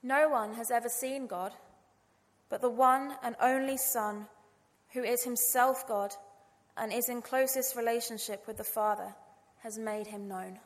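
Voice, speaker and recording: A woman reading a Bible passage aloud, slow and measured. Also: on the high side, fairly even intonation. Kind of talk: scripture reading. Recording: reverberant hall.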